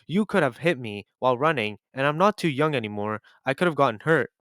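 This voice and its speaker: Annoyed lady teacher scolding a kid, guy doing her voice, smooth and dry. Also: medium pitch, lively intonation, fairly quick, a bit bright, no room sound, lightly acted. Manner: indignant, scolding. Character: irritated woman teacher in her thirties.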